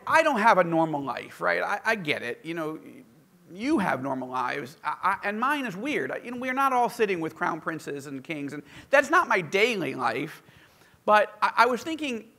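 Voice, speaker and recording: An American man, an author, telling a story in casual talk, animated and self-deprecating. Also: high-pitched, moderate pace. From United States. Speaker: author and podcast guest.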